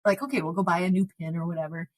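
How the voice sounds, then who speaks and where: A woman from South Dakota hosting a podcast, telling a story in casual chat with an animated, laughing manner. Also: on the low side, rapid-fire. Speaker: podcast host.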